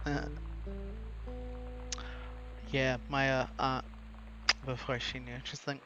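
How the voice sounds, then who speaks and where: A man's voice: mid-range voice, level tone, measured pace, muffled recording, background noise. A man streaming a game, chatting, joking and thinking aloud as he plays. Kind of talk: casual gameplay commentary. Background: game music.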